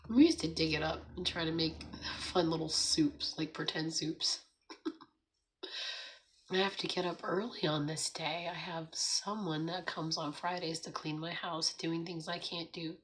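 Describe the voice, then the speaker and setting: A woman with a hoarse, raspy voice from laryngitis, hosting a casual morning livestream, chatting, laughing often and greeting viewers. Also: low-pitched, fairly even intonation, measured pace, slight background noise. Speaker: livestream host. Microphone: streaming setup.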